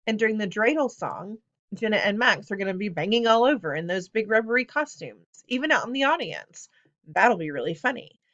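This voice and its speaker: A woman reads out a young boy in charge of a school choir, earnest and bossy in a storybook reading. His voice sits a touch higher than the narration and turns commanding. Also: expressive, fairly quick, fairly bright tone, highs cut off, close to an everyday voice. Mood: eager. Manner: pleading then commanding.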